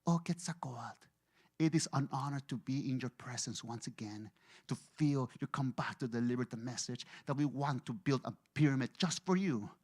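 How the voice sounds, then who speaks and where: A man's voice: mid-range voice, moderate pace, darkish tone, breathy edge, lightly acted. A man voicing two kneeling archangels in a spoken parable, speaking with reverence. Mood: reverent.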